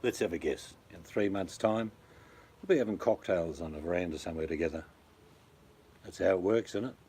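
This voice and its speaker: A man's voice: sits low, fairly quick, a little mellow, slight background noise. An Australian man chatting casually on a livestream, rambling and blunt, talking to viewers by name. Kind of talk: casual chat.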